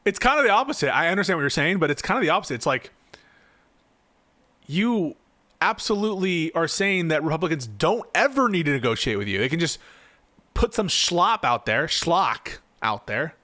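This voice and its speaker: A man's voice: fairly high pitch, expressive, moderate pace, bright, forceful tone. Profane, exasperated man streaming politics. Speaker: political streamer reading chat. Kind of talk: casual live-stream commentary.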